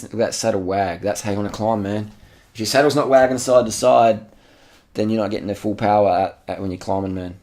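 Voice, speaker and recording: A man giving excited, slangy, repetitive commentary over race footage, with casual swearing. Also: low-pitched, vocal fry. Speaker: channel host.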